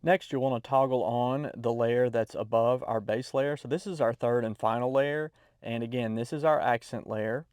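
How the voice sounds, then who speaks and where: A man explaining a landscape drawing app step by step in a relaxed voice-over, with occasional fillers. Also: mid-range voice, moderate pace, hardly any pauses, clean tone, no room sound, clean studio sound. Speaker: drawing tutorial instructor. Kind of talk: screen-recorded drawing tutorial.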